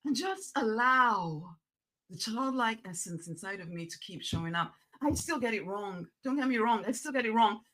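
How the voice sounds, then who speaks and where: Her voice a little high and animated at a normal speed, a woman delivers an emphatic, repetitive motivational talk urging listeners to loosen up. She coaxes them, sometimes dropping to a soft near-whisper, and the recording is rough.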